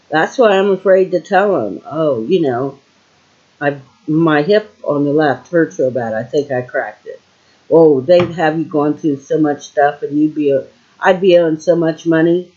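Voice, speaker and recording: Older lady from ohio just rambling at home, slow, lots of um and you know, kinda muffled sound. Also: low-pitched, darkish tone. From Ohio, USA. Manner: meandering, with many fillers and trailing thoughts. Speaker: vlogger. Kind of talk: casual rambling monologue.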